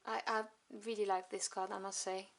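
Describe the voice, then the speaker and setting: A woman of ordinary pitch talks through a tarot deck, chatty and enthusiastic. She drops into soft asides now and then. The home recording has audible noise and card clicks. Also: level tone, moderate pace, gravelly. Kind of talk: casual deck review. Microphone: camera on tripod.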